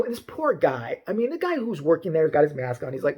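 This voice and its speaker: A man's voice: fairly high pitch, fast, few pauses, slightly rough. A man doing a profane, exasperated comedic rant as a vlogger, talking to his camera. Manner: ranting, foul-mouthed, animated, exasperated.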